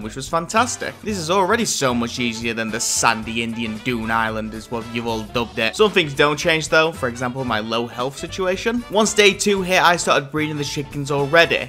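A man's voice: on the high side, sharp tone. A young man narrating a game playthrough in a chatty, joking way. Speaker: gaming video narrator. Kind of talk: casual let's-play narration. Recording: light background music.

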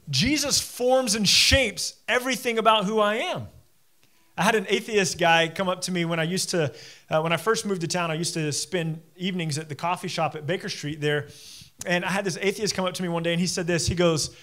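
A pastor in his thirties giving a sermon, telling personal stories in a conversational way and dropping to a quiet low voice. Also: lively intonation, a little fast. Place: church auditorium.

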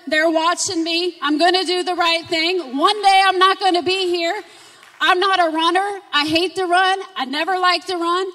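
A middle-aged woman giving an emotional personal testimony at a church conference, moving from quiet storytelling to loud, fervent preaching. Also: very high-pitched. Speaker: conference speaker. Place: church sanctuary. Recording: reverberant hall, distant mic.

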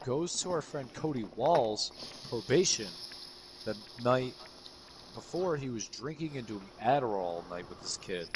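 A man's voice: medium pitch, a little slow. A young man chatting casually while playing a video game, telling stories with plenty of swearing. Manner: swearing, animated storyteller. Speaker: streamer. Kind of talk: casual chat while gaming. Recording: game noise behind. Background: video game sounds.

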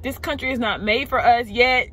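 A woman, venting unscripted to her viewers from a parked car. She is upset and shaken, sighing, halting and repeating words. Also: on the high side, bright, forceful tone. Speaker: vlogger. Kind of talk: unscripted emotional vent to camera. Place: parked car in a parking lot.

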